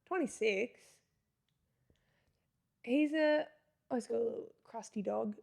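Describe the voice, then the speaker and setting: A woman's voice: fairly high pitch, a little slow, gravelly, a little mellow. A young woman co-hosting a podcast in casual chat, playful and teasing, laughing often. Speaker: podcast co-host.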